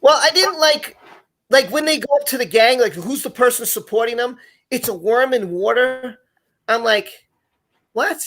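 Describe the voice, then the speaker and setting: A man's voice: very high-pitched, normal speed, sharp tone. A man hosting a live online show, talking casually and rambling with many restarts and repeated words. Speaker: podcast host.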